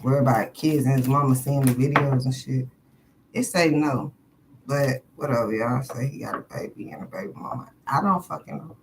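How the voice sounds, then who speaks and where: This tarot reader has a very deep, creaky voice and speaks steadily at a normal speed over a noisy background. She chats bluntly with her live-stream viewers, swearing a lot and frequently laughing between questions.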